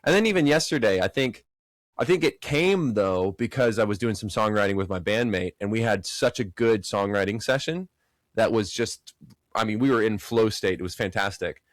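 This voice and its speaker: A man's voice: on the low side, normal speed, no room sound. A man co-hosting a podcast in casual chat, telling stories with animation and acting out other people's lines in a raised voice. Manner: animated storyteller, acts out quotes in raised voices. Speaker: podcast co-host.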